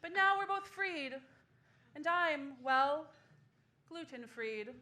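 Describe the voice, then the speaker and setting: A woman's voice: sits high, expressive, slow, background noise. A woman in her twenties doing a sardonic, self-mocking stand-up comedy set on a small club stage.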